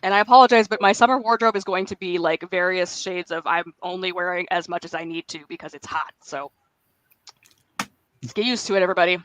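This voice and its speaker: A woman's voice: on the low side, brisk, a bit bright, slight background noise, low-quality recording. A woman from California, chatting casually on a video call while she has a cold, in a lightly self-mocking tone. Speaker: writing group co-host. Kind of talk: casual chat.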